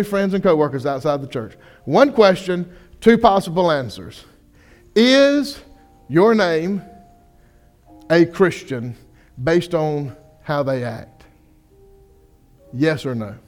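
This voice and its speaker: A young pastor with a drawl preaches in a homespun, storytelling way, slipping into animated voices for the people he quotes. His voice sits a little high for a man, with faint music underneath. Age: young adult. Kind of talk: sermon.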